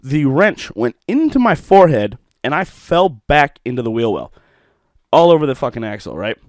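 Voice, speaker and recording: A young man hosting a podcast from home, telling stories in a profane, animated way with bursts of laughter. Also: mid-range voice, normal speed, no echo, clean studio sound. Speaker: podcast host. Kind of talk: solo podcast monologue.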